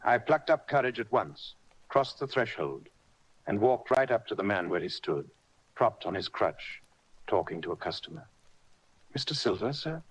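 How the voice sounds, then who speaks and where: A man narrating an adventure audiobook in a measured, steady storytelling manner. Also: fairly low pitch, breathy edge, poor audio. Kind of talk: scripted narration.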